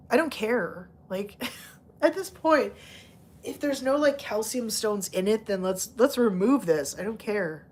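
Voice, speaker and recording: A woman hosting a livestream, chatting casually with viewers, with many fillers and restarts. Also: on the high side. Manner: talks to viewers by name from chat. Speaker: livestream host.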